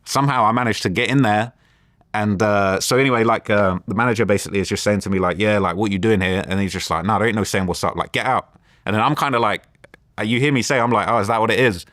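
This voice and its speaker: A man with a London accent, an interview guest, retelling a tense encounter in a rambling, animated way. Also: lowish voice, fast, no echo, studio quality. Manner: rambling, animated retelling with quoted back-and-forth. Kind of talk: casual storytelling interview.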